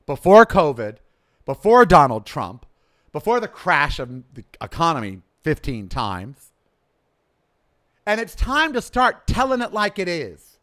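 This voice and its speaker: A man hosting his own podcast, delivering a fiery, blunt monologue that keeps swinging between quiet and loud. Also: sits high. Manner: fiery, blunt, ranting with big swings in loudness. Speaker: podcast host.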